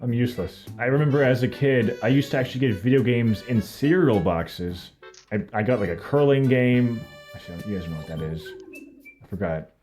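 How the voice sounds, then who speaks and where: A man's voice: medium pitch, animated, a little fast, a little mellow, soft background music. A young man from Canada giving jokey, self-mocking live commentary while streaming a video game.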